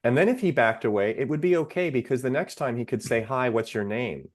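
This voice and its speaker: This psychiatrist, a guest on a podcast, speaks in a mid-range voice with lively intonation. He's measured and steady, laying out his ideas through worked examples in explanatory interview talk.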